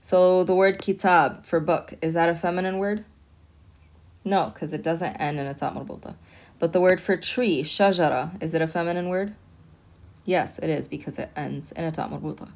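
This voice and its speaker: A woman teaching an online language lesson, talking patiently, repeating words slowly and checking in with "okay?". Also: lowish voice, fairly even intonation, darkish tone. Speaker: Arabic teacher.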